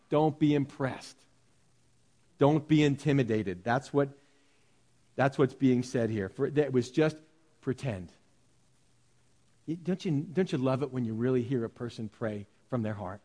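A man's voice: mid-range voice, a little slow, mellow. A middle-aged man preaching a sermon in a church, talking plainly and now and then mimicking pompous prayers. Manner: conversational preaching with mock-pompous quoted prayers. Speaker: pastor. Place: church hall.

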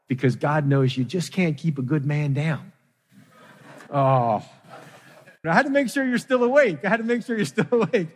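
A man preaching a sermon, telling a story dramatically with rising emphasis. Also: on the high side. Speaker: pastor. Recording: long hall reverb.

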